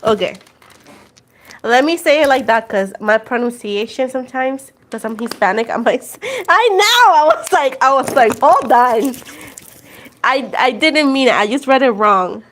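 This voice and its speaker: Puerto Rican woman in her twenties, fairly high voice, casual chatty tarot host, laughs often. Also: lively intonation, moderate pace, fairly bright tone. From Puerto Rico. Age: 20s. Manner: laughs often, switches between English and Spanish. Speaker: tarot reader livestream host. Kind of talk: casual livestream chat.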